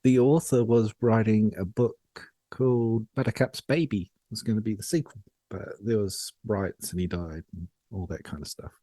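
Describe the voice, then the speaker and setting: Low-voiced man sharing film trivia. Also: steady tone, moderate pace, warm tone, no room sound. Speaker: podcast co-host. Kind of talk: casual film review chat.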